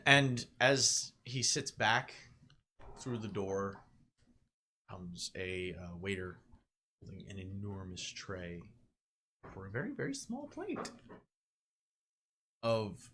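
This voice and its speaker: Game master, male, bright voice, relaxed narrator with plenty of fillers. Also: lowish voice, slow, pauses often, a little hiss or hum. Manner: loose and casual, with frequent fillers.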